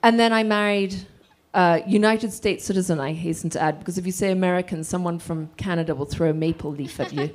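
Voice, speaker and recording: A woman's voice: lowish voice, brisk, hardly any pauses. Witty self-deprecating woman from Zimbabwe. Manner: humorous, self-deprecating storyteller. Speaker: author guest. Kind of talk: casual conversation with an audience.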